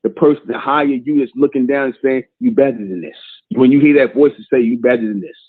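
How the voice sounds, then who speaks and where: A man preaching to his listeners in an emphatic cadence, hammering each point home through repetition. His voice is husky. It comes through a tinny, phone-like line. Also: medium pitch, quick pace. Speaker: show host. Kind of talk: preachy call-in show monologue.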